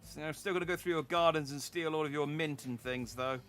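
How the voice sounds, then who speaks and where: A man streaming a game, chatting casually, joking and reading the dialogue aloud in an animated, mock-indignant way. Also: a little high, brisk, few pauses, soft background music.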